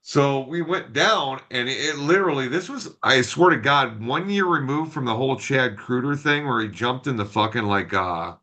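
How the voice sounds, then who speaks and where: A man chats loosely on a podcast, cursing constantly and acting out every quote. His pitch swings widely and his tone is bright and forceful. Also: normal speed, hardly any pauses. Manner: profane, animated storyteller, acts out quotes. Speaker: podcast co-host. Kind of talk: casual chat, storytelling.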